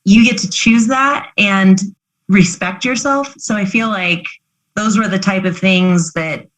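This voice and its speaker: Young woman guest on a podcast, thoughtful, kinda hesitant, says like a lot, mid pitch. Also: unhurried, a bit bright, rough recording. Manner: reflective, hesitant, frequent "like". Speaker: guest, coaching client. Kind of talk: conversational podcast interview.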